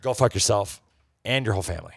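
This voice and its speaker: A man's voice: lowish voice, fast, creaky, slightly rough, no echo, clean studio sound. A man co-hosting a podcast in casual chat, full of teasing and crude wisecracks. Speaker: podcast co-host.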